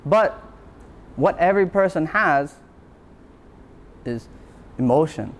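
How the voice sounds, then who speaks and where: A man's voice: on the high side, expressive, takes it slowly. A man, a university lecturer, giving a motivational talk and telling his own story in an earnest, reflective way, repeating phrases for emphasis.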